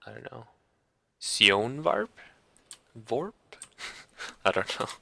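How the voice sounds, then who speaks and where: A man's voice: mid-range voice, lively intonation, slow pace, vocal fry, pushed and bright, husky. A man streaming live, chatting casually in a hesitant, self-conscious way and laughing at himself. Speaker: livestreamer.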